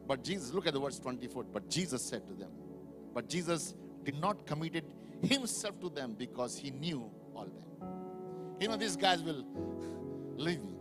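A male pastor preaching a sermon to a live congregation, building from quiet reflection to loud, fervent exhortation. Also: fairly high pitch, very animated, moderate pace, music in the background. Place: church sanctuary with live congregation.

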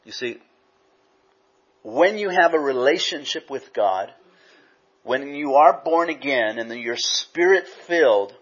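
Middle-aged male pastor, husky, conversational, on a muffled recording. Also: mid-range voice, expressive, a little slow, pauses often, fairly bright tone. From Southern California. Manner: conversational, frequent "you know" asides. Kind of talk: sermon with personal storytelling. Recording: dull lo-fi recording.

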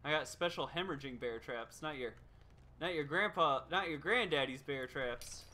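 A man with a fairly high, forceful voice commentates his game live, teasing and taunting the other players as he goes. Faint background hum sits under him. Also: normal speed. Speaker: streamer.

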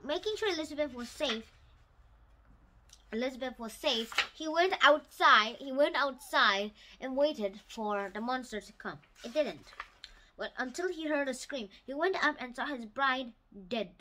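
A woman casually retelling a novel for her channel, halting with restarts and bursting into loud, excited outbursts. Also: high-pitched, slight background noise, poor audio. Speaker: YouTube storyteller.

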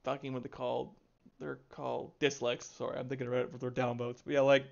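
A man's voice: medium pitch, flat delivery, fairly quick, creaky, dull audio. An exasperated man ranting about a game, swearing constantly and sighing heavily. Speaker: gaming video creator. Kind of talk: profane angry rant.

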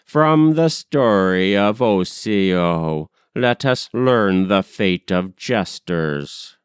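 A man reading the lines of a solemn old male storyteller in a poem, speaking gravely and slowly. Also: lowish voice, expressive, no room sound, studio quality, voice pushed down. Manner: grave, slow and measured.

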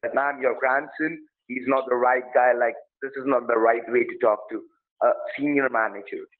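A man's voice: mid-range voice, steady tone, moderate pace. A man playing a support agent on a phone call, pushy and threatening, repeating his demands over and over. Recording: tinny phone line.

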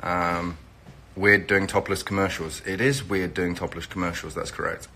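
This reality TV personality from England is a middle-aged man chatting on a phone live stream, welcoming viewers by where they're watching from and promoting an event. He speaks at a normal speed in a deep voice that sounds pushed, bright, and slightly rough.

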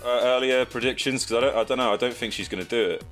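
A young English man chatting and joking through gameplay commentary, breaking into excited shouts, recorded at a home desk mic. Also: medium pitch, quick pace, faint music behind. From England. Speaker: gaming YouTuber.

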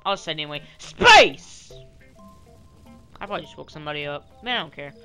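A man's voice: a little high, rapid-fire, pushed and bright, smooth, faint music behind. A young man doing rambling let's play commentary on a headset mic, cracking puns and jokes as he goes. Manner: rambling, jokey, making puns and goofy voices. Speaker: gaming channel host.

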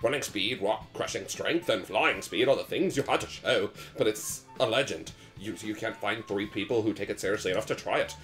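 A man's voice: on the low side, fairly quick, few pauses, fairly bright tone, soft background music, voice pushed down, lightly acted. A man putting on a British old storyteller. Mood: mysterious. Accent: British (put on). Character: old male storyteller telling a legend. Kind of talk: reading game dialogue aloud.

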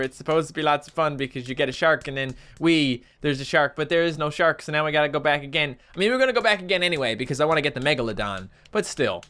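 Australian man, let's-play host, bright tone, excitable commentary with sudden yelps. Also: clean tone. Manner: animated, jumps to high yelps when panicking. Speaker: gaming YouTuber.

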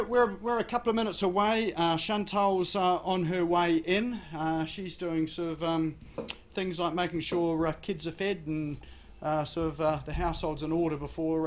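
Aussie male webinar host on a video call, light high voice, rambling friendly filler-heavy chat. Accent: Australian. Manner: hesitant, many fillers.

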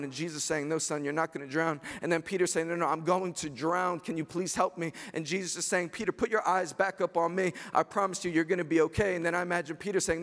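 A man preaching a chapel sermon with passion, building to shouted peaks as he acts out dialogue. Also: sits high, fairly even intonation, fairly quick, few pauses. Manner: impassioned, rising to shouts. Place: large chapel hall. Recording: long hall reverb.

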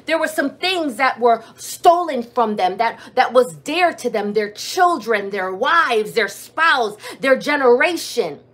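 A woman with a bright, high voice preaches with fervor. She drives her message through repeated phrases and pointed rhetorical questions as she leads a prayer service. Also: animated, slow pace, hardly any pauses. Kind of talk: sermon. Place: church or streamed prayer service.

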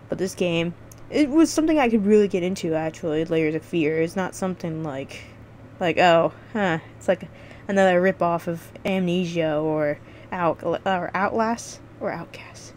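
A woman's voice: fairly low pitch, a little mellow, slight background noise. A woman vlogging casual game reviews, rambling and swearing freely with lots of restarts.

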